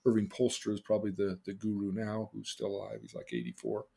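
A man's voice: fairly low pitch, big pitch swings, fast, creaky, warm tone, slightly rough. A middle-aged man, a therapist, telling a story about a client and acting out the dialogue in different voices. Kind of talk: storytelling talk.

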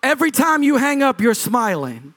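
Middle-aged male pastor, high-pitched preaching voice, punchy repetition, big dynamic swings. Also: very animated, normal speed, fairly bright tone. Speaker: lead pastor. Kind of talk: sermon.

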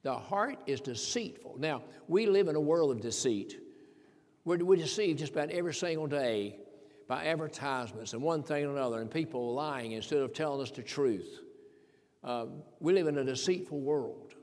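A man's voice: on the high side, expressive, normal speed, darkish tone. A man, a pastor preaching a sermon, emphatic and repetitive, asking rhetorical questions. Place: church sanctuary. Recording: long hall reverb.

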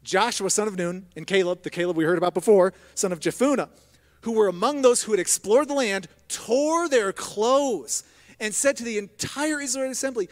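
Male pastor, high-pitched, delivers a sermon that swings from hushed prayer to loud emphasis, long hall reverb. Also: moderate pace.

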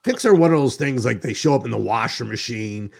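A middle-aged man hosting a casual chat, telling stories in an animated way and laughing often. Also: mid-range voice, brisk, vocal fry, breathy edge. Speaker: host.

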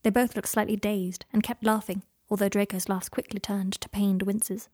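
A woman reading a story aloud in a soft-spoken way that often drops into whispers. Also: mid-range voice, flat delivery, normal speed, hardly any pauses, no echo, studio quality. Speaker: reader. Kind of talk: reading fan fiction aloud.

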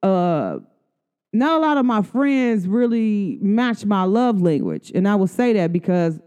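A woman's voice: mid-range voice, expressive, measured pace, mellow, clear, resonant tone, dull audio. A woman hosting a podcast, speaking in casual, earnest slang about love and friendship, with many fillers. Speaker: podcast host. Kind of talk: casual spiritual talk.

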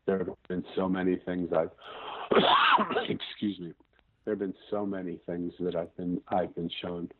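A man in his fifties, appearing as a podcast guest, tells a personal story earnestly, often restarting sentences as he hunts for words. His voice is low-pitched with little pitch movement and a measured pace, heard over a tinny, phone-like line.

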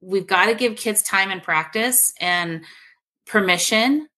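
A woman's voice: mid-range voice, a little slow, pushed and bright. A woman guest author answering interview questions in a passionate, earnest way.

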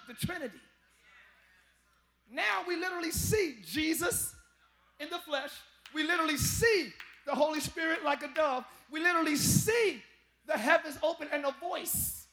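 High-voiced preacher with shouted peaks. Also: male voice. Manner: preaching with sudden shouted peaks and quiet asides; folksy, speaks to the congregation as y'all. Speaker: pastor. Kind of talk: live sermon. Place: large church.

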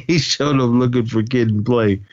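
A man's voice: mid-range voice, measured pace, highs cut off. A man co-hosting a podcast, recapping movie scenes in casual chat, laughing often and acting out lines of dialogue. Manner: animated, acts out lines of dialogue. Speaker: podcast co-host.

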